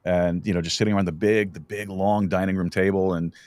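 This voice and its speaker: A middle-aged man hosts a relaxed podcast chat with a fairly low voice. He tells stories in a meandering way, stumbling through restarts as he goes. The studio sound is dry and close. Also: no echo. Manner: rambling, halting storyteller with many restarts. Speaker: podcast host. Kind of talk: casual chat.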